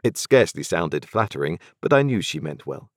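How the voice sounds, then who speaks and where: A man narrating a novel in the first person, measured and reflective. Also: sits low, very animated, dry recording, studio quality. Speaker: audiobook narrator.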